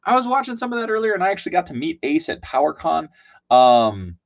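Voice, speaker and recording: A man hosting a toy livestream, talking fast and wired, rambling and greeting chat by name. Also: fairly high pitch, big pitch swings. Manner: hyped, rambling, shouting out chat names. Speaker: host. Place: home basement room. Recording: dull lo-fi stream audio.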